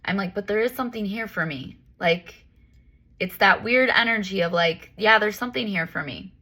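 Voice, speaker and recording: A woman's voice: mid-range voice, moderate pace, bright, forceful tone. A woman talking candidly as a life coach and yoga teacher, rambling with lots of fillers. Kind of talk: casual spiritual talk.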